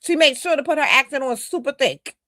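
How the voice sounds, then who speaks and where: A woman co-hosting a podcast speaks in a high, fairly quick voice with a sharp edge, recorded cleanly in a studio with no echo. Her casual commentary is emphatic and scolding, aimed squarely at her critics.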